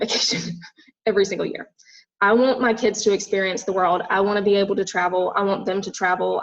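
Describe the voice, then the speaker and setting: A young woman from the American South gives a rambling, heartfelt personal testimony to a group. Her speech is loose and chatty, packed with "like" and "literally." She sits at a mid pitch, and the recording sounds dull and lo-fi. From Southern United States. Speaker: fitness and nutrition coach.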